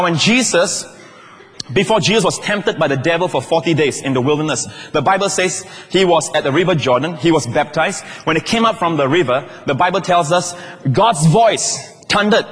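A man's voice: a little high, in a large hall. A man preaching a sermon to a congregation, calling for amens and asking if they are listening. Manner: lively preaching, calls for amens, asides to the congregation. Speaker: pastor.

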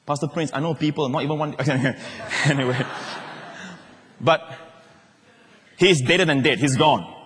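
Pastor, male, fairly high voice, lively emphatic sermon delivery with hushed low drops, echoing church hall. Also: a little slow, pauses often, slight background noise. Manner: animated preaching, rising to excited emphasis and dropping to soft, low asides.

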